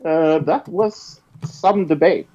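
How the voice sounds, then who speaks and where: Slow-talking Norwegian man, dull sound. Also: on the high side, warm tone, slight background noise. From Norway. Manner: slow, laughs often, blunt and swearing. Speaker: podcast co-host. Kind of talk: casual chat.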